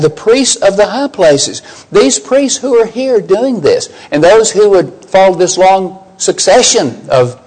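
A man's voice: medium pitch, darkish tone, low-quality recording. A man preaching a sermon, emphatic, putting questions to his listeners and rising on key scripture lines.

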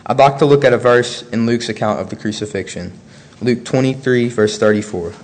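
A man preaching a sermon, reading scripture aloud in a measured, earnest way between his own remarks. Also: medium pitch, slight background noise.

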